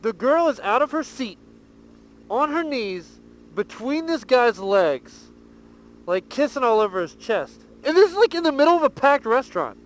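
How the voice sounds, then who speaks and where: Animated profane man telling a story. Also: very high voice, normal speed. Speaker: motovlogger. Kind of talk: casual storytelling vlog. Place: outdoors riding a motorcycle.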